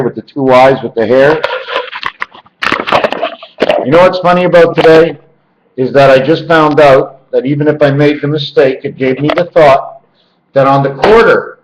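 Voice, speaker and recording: A man's voice: fairly high pitch, slight background noise. A man rambling to his handheld camera indoors at home, jumping between loose word and number associations. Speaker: vlogger. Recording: echoey, dull lo-fi camera audio.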